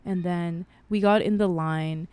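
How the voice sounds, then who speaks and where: A woman's voice: on the low side, steady tone, unhurried, a little mellow, smooth, no room sound. A woman podcast co-host in her thirties, telling a personal story in a candid way, swearing freely and acting out what people said. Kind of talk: casual chat, personal storytelling.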